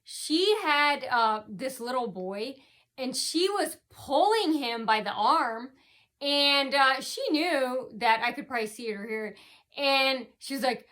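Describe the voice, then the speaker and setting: Woman rambling thru a vlog story, lots of um and uh, high voice, keeps trailing off. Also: animated. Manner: halting, lots of fillers and restarts, trails off quietly. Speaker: vlogger. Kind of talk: rambling personal account.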